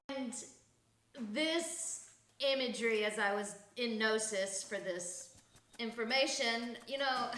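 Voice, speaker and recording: A woman's voice: on the high side, bright, forceful tone, roomy sound, a little hiss or hum. A woman hosting a casual spiritual podcast, blunt and profane, laughing often as she talks. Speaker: podcast host.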